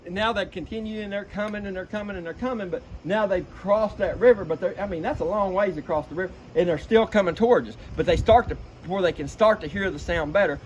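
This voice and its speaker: A middle-aged man talks in a slightly high voice, folksy and lively. He breaks off to imitate duck calls. Clear background noise runs under the recording. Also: fast, few pauses. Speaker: duck-calling expert. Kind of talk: casual explanatory chat with vocal demonstrations. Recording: noisy background.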